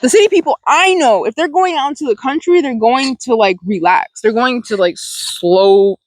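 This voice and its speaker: A woman's voice: high-pitched, expressive, brisk, dry recording, low-quality recording. Rambling woman in her twenties, dry close mic. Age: 20s. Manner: rambling, many fillers and restarts, laughs often. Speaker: vlogger. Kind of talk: casual film discussion. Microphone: close desk mic.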